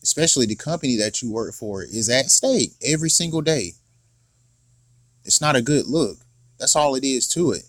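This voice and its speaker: A man's voice: medium pitch, expressive, normal speed, no echo. A man hosting a reaction video, arguing his point in slangy, repetitive questions. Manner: argumentative, repeats questions, slangy. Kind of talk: casual reaction commentary.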